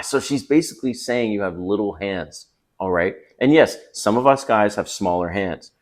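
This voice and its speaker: A middle-aged man with a low, deep voice gives dating advice to the camera. He talks in a casual, emphatic way and often checks in with his listener as he goes.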